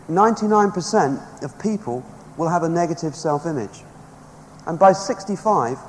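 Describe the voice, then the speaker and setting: A man giving an emphatic motivational seminar speech to a live audience, rallying them with stories. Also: on the high side. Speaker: motivational speaker. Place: large hall with a live audience. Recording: echoey hall, faint background noise.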